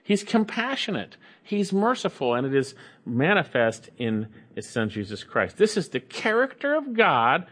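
A man's voice: fairly high pitch, sing-song, moderate pace, fairly bright tone. A man preaching a sermon, reading scripture aloud and repeating key phrases for emphasis.

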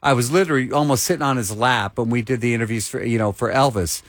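A man's voice: mid-range voice, fast, dry recording. A man talks into a close studio mic and tells stories with energy. He repeats words while he gets going. The sound is dry and close. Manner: animated storyteller, repeats words when starting. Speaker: show host. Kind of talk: casual radio interview. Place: radio studio.

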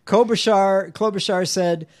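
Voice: mid-range voice, steady tone, a little slow, darkish tone. A co-host reading news stories and quotes aloud on a political talk show, now and then mixing up names and correcting themselves. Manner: reads quotes aloud, stumbles over names.

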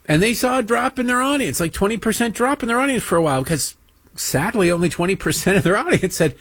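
Sarcastic, animated male talk host. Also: high voice, fast, husky, dry recording. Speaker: political talk show host. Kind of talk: opinionated monologue with mocking impressions.

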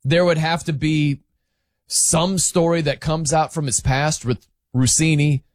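A man's voice: a little high, fairly even intonation, unhurried, no echo, studio quality. A man hosting sports talk, giving opinionated, emphatic commentary that rambles with restarts.

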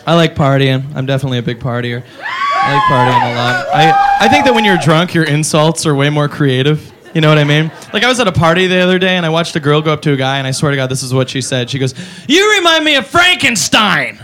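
A man's voice: fairly high pitch, racing, hardly any pauses, fairly bright tone. A man doing a stand-up comedy set, exasperated and profane, talking straight to the crowd.

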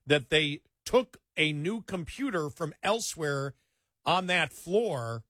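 A man's voice: a little high, lively intonation, takes it slowly, sharp tone, dry recording, clean studio sound. A man who hosts a national radio talk show, telling a workplace story in casual chat, animating it by acting out the dialogue and often repeating words.

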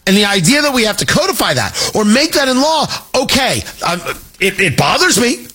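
Animated talk radio host, bright voice. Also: male voice, high-pitched, moderate pace, breathy edge. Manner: animated, jokey, goes off on tangents. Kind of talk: opinionated talk radio monologue.

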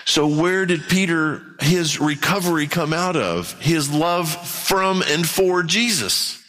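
A pastor preaching a sermon in a conversational way, often growing impassioned. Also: male voice, fairly high pitch, expressive, takes it slowly, bright, forceful tone, faint music behind. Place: church. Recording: long reverb of a church hall.

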